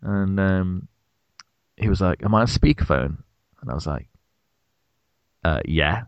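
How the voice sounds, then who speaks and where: A British man in his thirties with a low, gravelly voice, chatting casually on a podcast. He tells stories with lively acted-out quotes. The sound is dry and close. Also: a little slow, no echo, muffled recording. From Britain. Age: 30s. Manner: animated storyteller, acts out quotes with big pitch jumps. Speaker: podcast co-host. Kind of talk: casual storytelling chat.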